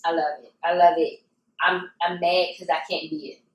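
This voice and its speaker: A woman co-hosting a podcast in casual chat, talking candidly and reflectively at an unhurried pace. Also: on the low side, little pitch movement. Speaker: podcast co-host. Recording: roomy sound, mic at a distance.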